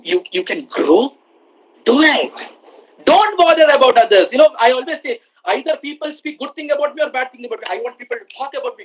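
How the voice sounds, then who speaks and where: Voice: medium pitch, breathy edge, low-quality recording. A motivational speaker addresses a room of students. The talk moves in emphatic, repeated phrases, with frequent questions thrown at the listeners. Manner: emphatic, repeats lines for effect, asks the audience questions.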